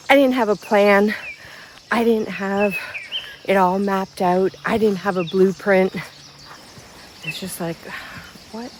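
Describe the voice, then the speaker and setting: A woman in her fifties talks slowly and unhurriedly, frank and blunt, laughing between thoughts. She is outdoors by a river, with soft natural sound faintly behind her. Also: medium pitch, slight background noise. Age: 50s. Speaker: vlogger. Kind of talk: candid personal storytelling.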